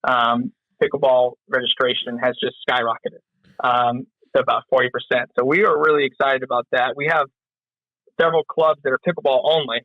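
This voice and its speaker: A man's voice: medium pitch, little pitch movement, brisk, no room sound. Rambling man talking business, dry lo-fi sound. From North Carolina. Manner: rambling, lots of fillers and restarts. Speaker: podcast guest. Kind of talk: casual interview chat.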